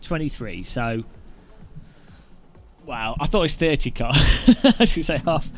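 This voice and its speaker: Chatty British man, slightly high voice. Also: very animated, measured pace, soft background music. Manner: chatty, joking, rambling anecdotes. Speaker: sim racing streamer. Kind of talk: casual gameplay commentary.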